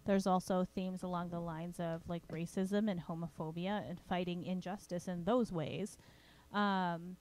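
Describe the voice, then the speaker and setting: A woman's voice: fairly low pitch, steady tone, a little slow, few pauses, a little mellow. Woman, podcast co-host, casual chat, thoughtful, explains with fillers. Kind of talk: casual chat about writing.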